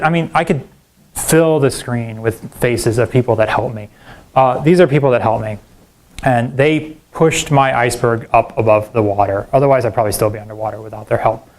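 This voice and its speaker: Animated male professor telling stories. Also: medium pitch. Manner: animated storyteller, self-deprecating, frequent "right?" and "like". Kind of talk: public lecture with anecdotes. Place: university lecture hall.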